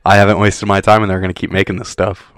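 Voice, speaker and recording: Casting: deep-voiced male podcast co-host, giggly, dry close mic. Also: level tone, quick pace, a bit bright, clean tone, dry recording. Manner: laughs often, chatty and amused. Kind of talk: casual chat.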